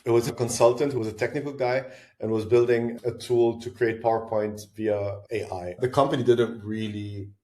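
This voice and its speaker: A man's voice: mid-range voice, fairly even intonation, normal speed, few pauses, a little mellow. A man from Lebanon, a podcast guest, answering interview questions in a reflective way, thinking aloud with asides and restarts. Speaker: podcast guest, venture investor. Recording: roomy echo.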